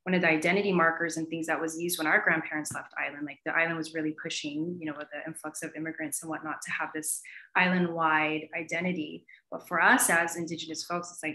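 A woman talking as an academic guest in an animated interview, with plenty of fillers. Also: low-pitched, brisk. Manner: animated, many fillers like "you know". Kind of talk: conversational interview answer. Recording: roomy echo.

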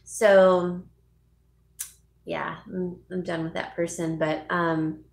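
A woman's voice: on the low side, little pitch movement, slow, vocal fry, roomy sound. A woman hosting a casual live vlog from home, chatting with viewers by name and laughing often. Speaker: YouTube host.

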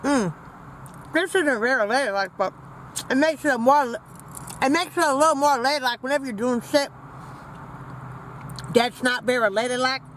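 A woman's voice: high voice, moderate pace, pauses often, fairly bright tone, slight background noise, low-quality recording. A woman playing a vain, brash old granny character, rambling with sassy, crude asides from inside a parked car. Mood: chatty. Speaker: comedy vlogger in character.

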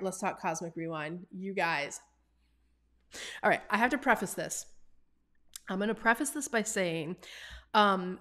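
A woman in her forties telling a story casually to camera, animated and laughing often, with many fillers. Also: medium pitch. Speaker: travel business vlogger.

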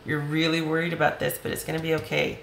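Hoarse, gravelly woman reading tarot. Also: low-pitched, level tone, quick pace, reverberant, slight background noise, rough recording. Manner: chatty, reassuring, talks straight to the viewer. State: voice going hoarse. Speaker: tarot reader.

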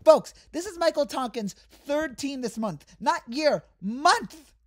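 Heated woman ranting, fairly high voice. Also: expressive, slow. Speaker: sports fan channel host. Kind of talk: fan rant to camera.

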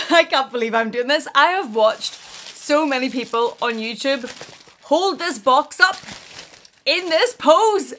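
A young woman vlogger chatting through an unboxing, excitable and giggly, tripping over her words. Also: sits high, slow. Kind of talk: unboxing vlog chat.

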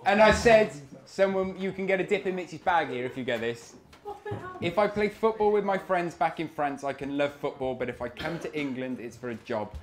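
A man's voice: fairly high pitch, moderate pace, slight background noise. A man hosting a live football quiz in a coffee shop, chatty and jokey as he reads out the questions. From Wales. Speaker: quiz host. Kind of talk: reading out a live pub quiz. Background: crowd of quiz players.

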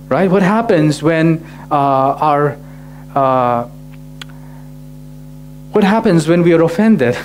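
A man's voice: fairly high pitch, a little mellow. A male pastor preaching a sermon, asking rhetorical questions and often adding "right?" to his sentences. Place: church gathering.

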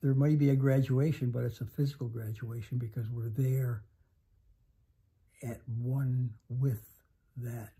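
A man in his nineties telling a story slowly, halting with many pauses and restarts. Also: medium pitch, fairly even intonation, dark tone, slightly rough. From United States. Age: 90s. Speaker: interview guest. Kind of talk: reflective storytelling. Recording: home interview.

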